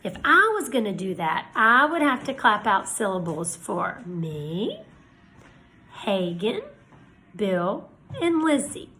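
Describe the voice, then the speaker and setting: A woman teacher giving a lesson to young children, speaking slowly and clearly in an encouraging way. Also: medium pitch, big pitch swings, bright, forceful tone, a little hiss or hum.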